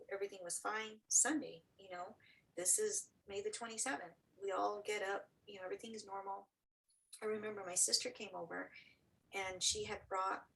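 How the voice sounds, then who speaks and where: A woman's voice: mid-range voice, a bit bright, poor audio. A middle-aged woman, an interview guest, telling a personal story with earnest feeling and acting out what others said.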